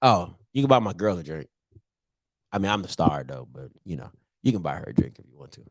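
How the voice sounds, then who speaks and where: A man, hosting a casual sports chat to camera, ranting and poking fun at old-timers with loud put-on voices. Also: deep voice, sing-song, a little fast, no room sound, clean studio sound. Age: 30s. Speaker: show host.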